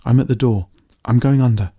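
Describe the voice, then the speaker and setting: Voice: mid-range voice, a little fast, husky, no echo, studio quality, lightly acted. A man reading a storybook, voicing an eager young boy who reports what he sees. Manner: excited, reporting step by step.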